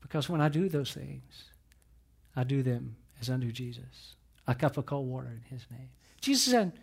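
A pastor preaching a sermon, telling a story and swinging between loud emphasis and near whispers, often repeating phrases. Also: male voice, medium pitch, lively intonation, normal speed, gravelly, slightly rough.

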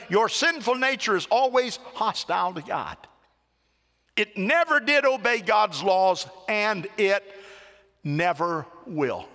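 A male pastor preaching a sermon, lively and dramatic, stretching phrases and acting out little voices. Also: high-pitched. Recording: long reverb of a large hall.

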